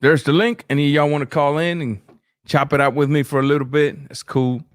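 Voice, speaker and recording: A man's voice: on the high side, level tone, brisk, no echo, studio quality. A man hosting a casual live stream, reacting to boxing and chatting with viewers as he reads their comments.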